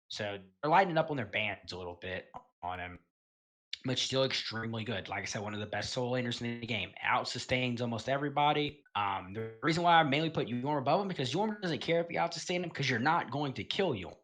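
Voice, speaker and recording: A man talking through a gaming tier list in a loose, offhand way. He keeps stopping to correct himself and fills gaps with plenty of ums and uhs. He stays relaxed at a middle pitch and drops in the odd swear word. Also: fast talker. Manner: rambling, filler-heavy, self-correcting. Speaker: gaming commentator. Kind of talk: casual tier-list commentary.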